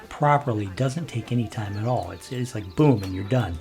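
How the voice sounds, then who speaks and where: Playing a game, a male commentator casually rambles through a story, chuckling and restarting sentences. His mellow, mid-range voice keeps a moderate pace with hardly any pauses, and soft music plays in the background.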